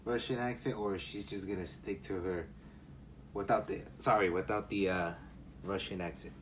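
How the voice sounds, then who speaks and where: Low-voiced man, distant from the mic. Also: steady tone, moderate pace. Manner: agreeable, brief interjections. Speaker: podcast co-host. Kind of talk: casual chat. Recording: distant mic with faint noise.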